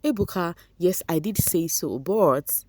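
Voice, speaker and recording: A woman's voice: fairly low pitch, expressive, unhurried, mellow, no echo. A woman voicing a nervous young woman housemate who answers in a shaky, hesitant way.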